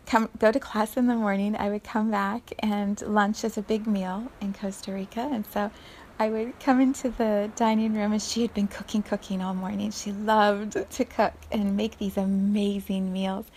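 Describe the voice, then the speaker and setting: A woman hosting a reflective spiritual podcast, speaking softly and often near a whisper, laughing now and then. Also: medium pitch, slight background noise. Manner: slow, soft, often breathy and near-whispered, with frequent laughs. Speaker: podcast host.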